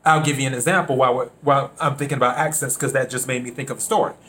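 A man from South Carolina hosting a reflective solo podcast, unhurried, repeating his phrases and acting out bits of dialogue. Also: mid-range voice, steady tone, a bit bright, a little hiss or hum. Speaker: podcast host.

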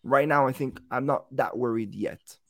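A man co-hosting a sports podcast in casual chat. He is animated, swears now and then, and rephrases himself mid-thought. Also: medium pitch, moderate pace, no room sound, studio quality. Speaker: podcast co-host.

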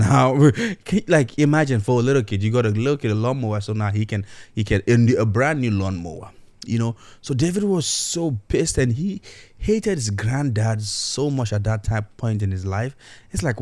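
Man, casual storytelling, low voice, dry recording, lots of "you know". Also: moderate pace, no echo. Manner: animated retelling, acts out quoted voices, frequent "you know".

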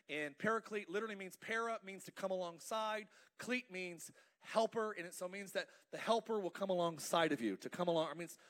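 Man, pastor, high voice, playful, church sermon, calls for responses. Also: a bit bright. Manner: playful, asks the congregation to respond. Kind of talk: lively sermon with jokes.

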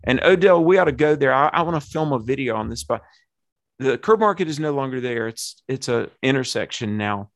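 A man's voice: medium pitch, lively intonation, fairly quick, no echo. Earnest man in his fifties telling a story. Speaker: pastor. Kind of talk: personal testimony in a conversation.

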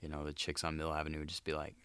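A man's voice: a bass voice, monotone, rapid-fire, pushed and bright, clean tone, dry recording. A man hosting a solo comedic monologue, laid-back and crude, swearing often and calling listeners dude. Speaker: podcast host.

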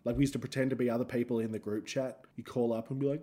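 A man's voice: medium pitch, fairly even intonation, very fast, hardly any pauses, mellow. An Australian man hosting a solo podcast, rambling and self-mocking as he tells stories. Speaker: podcast host and comedian.

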